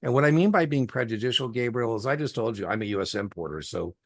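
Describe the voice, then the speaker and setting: A man's voice: mid-range voice, expressive, fast talker, dry recording, studio quality. A middle-aged man tutoring a student one-on-one over a video call, chatty and folksy, telling stories with lots of fillers. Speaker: exam tutor.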